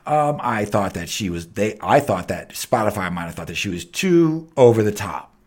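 A man hosting his own podcast, ranting heatedly with lots of swearing, jumping between loud outbursts and low mutters. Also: sing-song, moderate pace. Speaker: podcast host. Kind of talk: unscripted solo rant.

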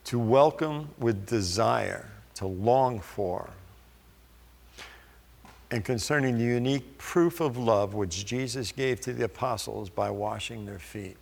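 A male preacher with a gravelly voice delivers a sermon at a very slow, measured pace. He reads scripture with careful pauses, and his voice rings with long reverb. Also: medium pitch.

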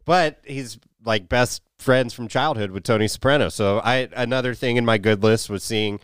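A man co-hosting a podcast in casual chat, laid-back and quick to laugh, wired on coffee and swearing freely. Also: mid-range voice, a bit bright, clean tone, no room sound, clean studio sound. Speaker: podcast co-host.

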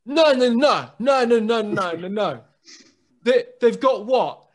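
A man putting on a wound-up, furious man who yells in a high voice. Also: animated, slow, full character voice. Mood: outraged shouting. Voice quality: high yelling, near shrieks. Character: wound-up furious man, ranting about lunch.

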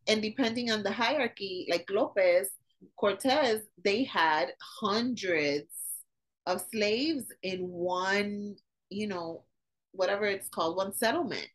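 A woman co-hosting a podcast in casual chat, full of quick agreeing interjections. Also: medium pitch, poor audio. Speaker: podcast co-host.

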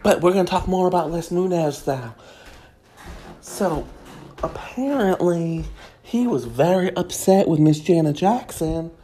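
A woman's voice: fairly low pitch, lively intonation, a little slow, mellow, slight background noise. A woman delivering a sassy, mock-prim comedic gossip monologue as host.

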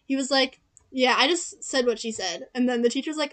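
A woman's voice: sits high, brisk, a bit bright. Giggly young woman telling rambling stories. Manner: giggly, rambling storyteller full of fillers. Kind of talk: casual chat.

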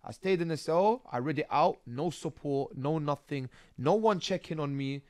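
A man, a podcast guest telling his stories in casual street slang, often tagging lines with "bro" and "yeah" and getting animated. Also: fairly high pitch, moderate pace, clean tone, no echo. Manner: animated, rising when excited. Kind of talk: casual interview storytelling.

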